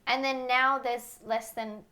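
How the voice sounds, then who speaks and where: A bubbly woman chatting as a podcast co-host, her voice sitting a touch higher than most. She reacts fast with little exclamations and keeps the talk moving. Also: level tone, sharp tone. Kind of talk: casual chat.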